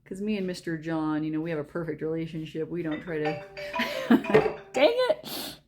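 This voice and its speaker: A woman's voice: low-pitched, fairly even intonation, moderate pace, over music. Giggly, rambling woman tarot reader. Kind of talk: casual chat during a tarot reading.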